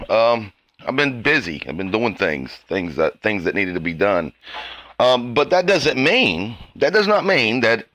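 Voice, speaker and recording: A man ranting angrily at his viewers, swearing constantly and mocking them in sarcastic voices, jumping from low mutters to sudden high outbursts. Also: pushed and bright, no room sound. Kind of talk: angry profane rant.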